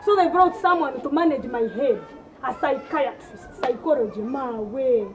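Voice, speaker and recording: A woman with a Ugandan English accent performs a comedy sketch with a high voice. She rants in a sarcastic, scolding way, with rhetorical questions and mockery. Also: normal speed.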